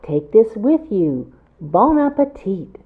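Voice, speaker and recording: A kind, humble old baker who speaks gently and softly, as a woman storyteller reads him. His voice rises and falls with lively pitch over a tinny, phone-like line. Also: slow, breathy edge, heavily acted. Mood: gentle. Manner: gentle, soft-spoken.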